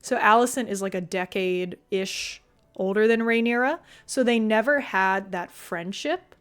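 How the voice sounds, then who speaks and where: A woman's voice: mid-range voice, unhurried, clean tone. Young female streamer, casual and talkative, filler-heavy, salty mouth, mid-range voice. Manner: chatty and loose, full of "like", swears freely. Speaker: streamer reading chat. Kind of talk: casual chat with viewers.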